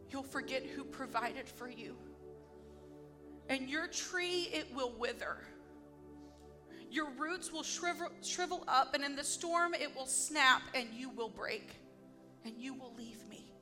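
A woman voicing a gentle, sorrowful male Jesus in a hushed, solemn way within her testimony. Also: sits high.

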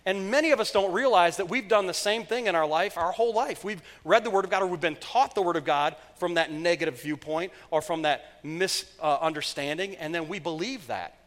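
A male pastor delivers a conversational sermon, pressing his points by repeating them. His voice sits a little high. The room adds a long reverberant tail. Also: brisk, hardly any pauses, fairly bright tone. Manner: conversational, emphatic, repeats phrases. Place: church sanctuary.

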